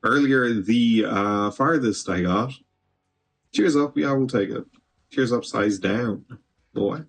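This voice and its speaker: Slow husky male game streamer. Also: medium pitch, soft background music. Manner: chatty, talks to the game, swears casually. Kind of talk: live gameplay commentary.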